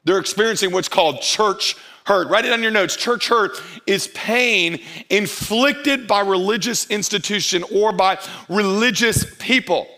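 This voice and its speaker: A middle-aged man preaching to a church crowd, his voice pitched high for a man and bright. He tells a story with humor and acts out the dialogue in it. For emphasis he slows his delivery. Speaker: pastor. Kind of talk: sermon with storytelling.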